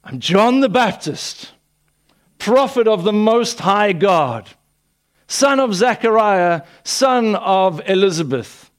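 A man voicing a humble, earnest male prophet who speaks in slow, emphatic declarations. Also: high voice, lively intonation, pitched above the performer's own voice. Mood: grand proclaiming.

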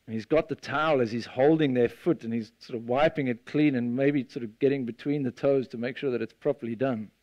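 A man preaching a sermon, retelling a scene with lively storytelling and acting out the voices of the people in it. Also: mid-range voice, fairly quick, hardly any pauses, no room sound, lo-fi sound. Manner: animated storytelling, acts out the disciples' voices.

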